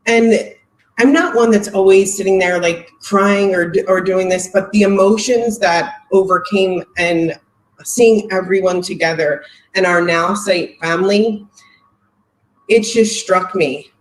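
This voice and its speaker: A woman's voice: on the low side, reverberant, rough recording. Heartfelt woman presenting on a video call. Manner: heartfelt, emotional, near tears. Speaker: company marketing executive presenting.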